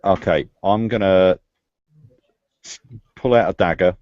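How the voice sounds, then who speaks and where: A man playing a tabletop game, describing his character's moves in a halting way and repeating words as he plans. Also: low-pitched, no room sound, muffled recording. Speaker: player.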